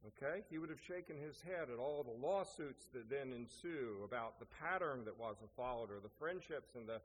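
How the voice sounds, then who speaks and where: Pastor preaching in an echoey hall. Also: male voice, medium pitch, animated, normal speed. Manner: storytelling, rhetorical questions. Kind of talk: sermon. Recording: echoey hall, faint noise.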